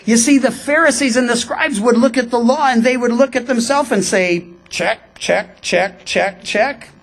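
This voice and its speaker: Man preaching a conversational sermon. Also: extremely high pitch. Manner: conversational, emphatic, slows for quoted scripture. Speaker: pastor. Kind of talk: radio sermon.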